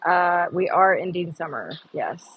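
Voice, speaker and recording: A woman's voice: on the low side, expressive, measured pace, slightly rough, phone-quality sound. A woman chatting casually on an outdoor livestream, rambling and answering viewer comments. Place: outdoors on a humid morning.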